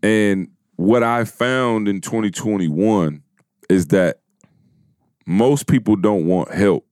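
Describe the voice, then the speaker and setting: A man's voice: lowish voice, darkish tone, dry recording, studio quality. A man co-hosting a podcast, talking bluntly and emphatically in casual chat. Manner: blunt, emphatic, says it slow. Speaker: podcast co-host.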